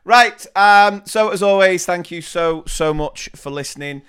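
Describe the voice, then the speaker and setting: A man co-hosting a podcast, wrapping up the show in a relaxed, chuckling way. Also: sits high, measured pace, smooth. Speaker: podcast co-host. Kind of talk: casual chat and show outro.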